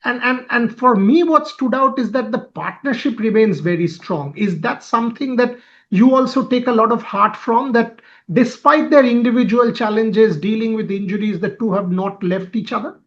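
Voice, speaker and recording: A man's voice: very high-pitched, moderate pace, dull audio. A man interviewing a badminton coach, asking long, wordy questions. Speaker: sports interviewer.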